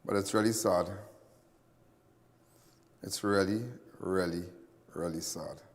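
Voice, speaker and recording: A man's voice: deep voice, fairly even intonation, slow pace, in a large hall. A man with a Trinidadian accent hosting a live news show, talking in a rambling, repetitive way in local dialect. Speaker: host of a crime news show. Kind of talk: emotional live commentary.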